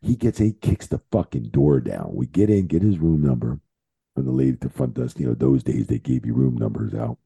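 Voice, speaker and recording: Middle-aged guy with a super deep gravelly voice, rambling and swearing a lot through a road story. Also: expressive, fairly quick, mellow. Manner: profane, rambling, lots of swearing. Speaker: guest, retired referee. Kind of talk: casual storytelling.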